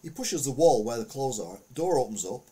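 A man's voice: medium pitch, sing-song, brisk, warm tone, slightly rough. A man giving a casual, rambling commentary on the week's news, full of anecdotes and asides.

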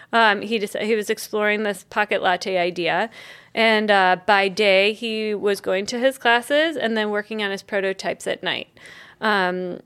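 A woman's voice: mid-range voice, fairly bright tone. A woman co-hosting a podcast, telling a story in casual chat, with lots of "like" and "um" and the odd swear. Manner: rambling storyteller, heavy on fillers and "like". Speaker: podcast co-host.

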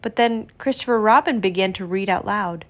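A woman narrating a children's storybook read-aloud in an expressive, storytelling manner. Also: medium pitch, normal speed.

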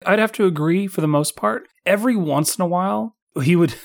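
Talking about a film in a loose, rambling way, this male podcast co-host keeps restarting and repeating words. He has a high voice with vocal fry and speaks a little fast.

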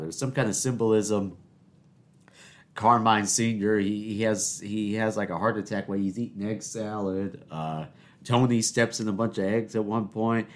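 A man hosts a solo podcast in a fairly low voice. He rambles through stories and talks back to himself in the second person. His speech is full of stammered restarts. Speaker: podcast host.

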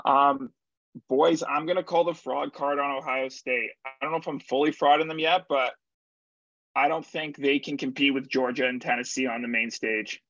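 A man's voice: medium pitch, fairly even intonation, moderate pace, a bit bright, no room sound, soft background music. A young man on a sports podcast, talking through his picks in a casual, confident way. His voice sits in a middle register. The recording is dry and a little dull. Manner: confident, rattles off picks and betting lines. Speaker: podcast co-host.

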